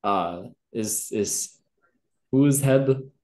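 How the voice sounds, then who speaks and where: Slow, hesitant male player. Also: fairly low pitch, a little mellow. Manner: hesitant, casual. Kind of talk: casual tabletop play.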